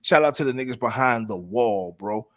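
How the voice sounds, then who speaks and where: A man's voice: mid-range voice, expressive, moderate pace, fairly bright tone, no room sound, studio quality. A man hosting a casual talk show, riffing with slang and many stumbling restarts. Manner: loose, repetitive, frequent restarts and slang. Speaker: podcast host.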